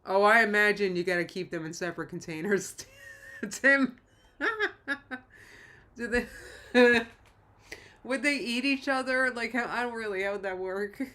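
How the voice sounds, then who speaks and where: Bright-voiced woman chatting on a live stream. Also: mid-range voice, brisk, few pauses. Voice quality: rambling, self-interrupting. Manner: chatty, laughs often, reads chat aloud. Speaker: livestream host. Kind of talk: casual live-stream chat.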